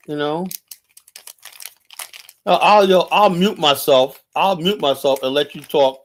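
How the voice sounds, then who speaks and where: Male streamer, heated political rant, profane and combative, repeats himself, slightly high voice. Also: a little slow, long pauses, slight background noise. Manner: challenges viewers directly. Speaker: livestream host. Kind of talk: heated political commentary monologue.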